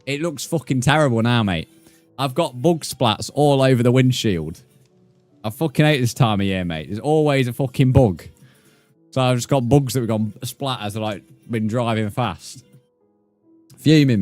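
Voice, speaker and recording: A man's voice: mid-range voice, expressive, moderate pace, darkish tone. A young man streaming a building game, chatting with viewers, swearing freely and calling everyone mate. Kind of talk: casual gameplay livestream chat. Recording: faint background music.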